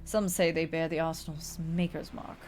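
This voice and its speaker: A woman's voice: sits low, flat delivery, moderate pace, darkish tone, slight background noise, lightly acted. A woman reading the lines of a chatty male informant who passes on gossip in a confiding tone.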